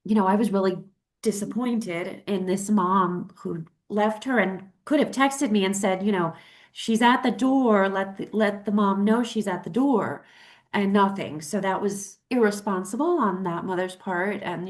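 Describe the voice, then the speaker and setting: On a casual talk show, a middle-aged female co-host with a mid-range voice tells an animated story. She chats freely, keeps restarting sentences, and imitates the people she quotes.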